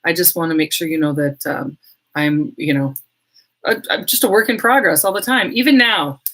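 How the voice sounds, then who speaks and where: A middle-aged woman hosting a casual livestream into a webcam, chatty and meandering. Her voice is a little hoarse, and she laughs easily as she talks to viewers. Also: low voice, normal speed, fairly bright tone. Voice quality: slightly hoarse. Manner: chatty, rambling, laughs often. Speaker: medium and livestream host.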